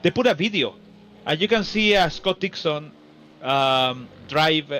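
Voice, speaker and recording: A man co-commentating a race in casual chat, halting and restarting with non-native phrasing. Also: fairly high pitch, animated, fairly bright tone, slight background noise.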